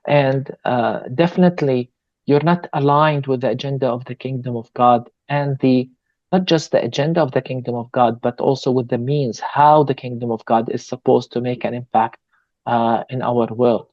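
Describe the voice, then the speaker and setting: A man, a pastor, answering an interview question in a measured, earnest way, pausing with fillers. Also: mid-range voice, no room sound, dull audio. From Palestine. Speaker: pastor and guest.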